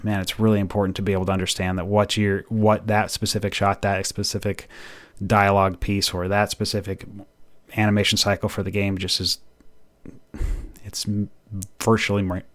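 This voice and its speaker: A man with a slightly low voice chats casually as a podcast co-host. He is animated, laughs often and restarts his sentences as he goes. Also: normal speed. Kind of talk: casual chat.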